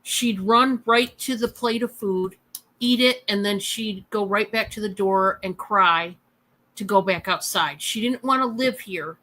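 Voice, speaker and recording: A woman's voice: medium pitch, a little slow, a bit bright, rough recording. A woman hosting her own livestream at home, telling a personal story in a rambling, heartfelt way with lots of fillers and restarts. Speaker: channel host.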